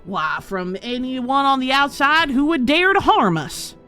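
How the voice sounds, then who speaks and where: A woman's voice: high-pitched, very animated, measured pace, bright, forceful tone, soft background music, voice pushed up, heavily acted. A woman voicing a pompous, blustering heavyset townmaster who drawls and fusses over his dignity. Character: pompous, balding, heavyset middle-aged townmaster.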